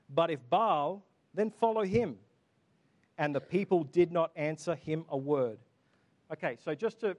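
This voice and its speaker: Higher-voiced man preaching a sermon. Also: a little mellow. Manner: reads scripture then explains it in casual asides. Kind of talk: sermon with scripture reading.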